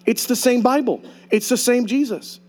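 A man preaching a sermon to his congregation as pastor, telling personal stories in an animated way. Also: extremely high pitch, normal speed. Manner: animated storyteller acting out voices.

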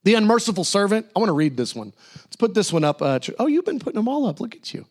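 A man's voice: high-pitched, very animated, quick pace, a little mellow. A man preaching a sermon in a church, acting out Bible figures in casual, playful voices. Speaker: pastor.

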